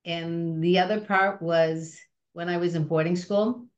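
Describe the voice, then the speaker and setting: Animated woman telling stories, lo-fi. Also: lowish voice, unhurried. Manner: animated, acts out voices in anecdotes, many restarts. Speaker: film company president, guest. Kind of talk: conversational storytelling.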